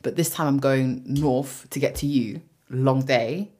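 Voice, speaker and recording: A young woman, co-hosting a podcast and telling stories in a lively, animated way with quoted voices. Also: a bass voice, measured pace. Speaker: podcast co-host. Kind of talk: casual chat.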